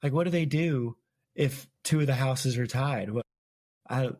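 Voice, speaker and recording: A man's voice: mid-range voice, a little slow, a little mellow, dry recording, clean studio sound. A man hosting a casual book-discussion podcast, chatty and laughing often as he retells scenes. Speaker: podcast host.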